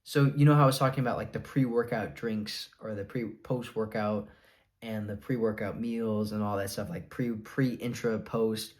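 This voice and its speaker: A young adult man vlogs to camera about his diet experience, speaking casually in a lowish voice at a moderate pace with fairly even intonation. He rambles with many fillers and comes across as earnest and a bit defiant.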